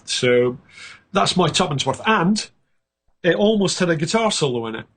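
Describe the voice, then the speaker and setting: Chatty Scottish man, slightly high voice. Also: expressive, moderate pace, fairly bright tone. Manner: chatty, self-mocking, laughs often. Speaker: guest panelist, guitarist. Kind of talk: casual panel critique.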